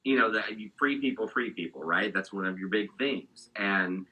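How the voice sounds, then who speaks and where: A man being interviewed, giving an animated, candid account of his own past. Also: on the low side, moderate pace, husky, low-quality recording. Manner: animated storytelling, gets fired up. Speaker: interview guest.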